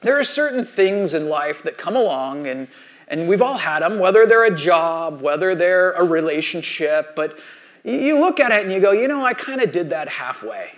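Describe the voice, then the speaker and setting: A man's voice: high voice, lively intonation, normal speed. A man giving an anecdotal motivational talk to an audience, telling a story in a chatty way and using lots of "like" and "you know" asides. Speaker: speaker addressing an audience.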